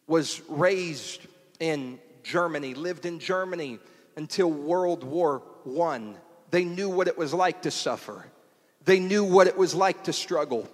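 Male preacher, high voice, rhythmic repeated lines rising to shouts, long hall reverb. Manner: rhythmic repetition building to shouts. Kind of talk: sermon. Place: portable church.

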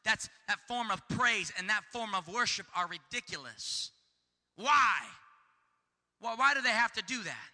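A male preacher delivering a fervent sermon, repeating phrases and building to shouts. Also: high-pitched, animated, normal speed, long reverb tail.

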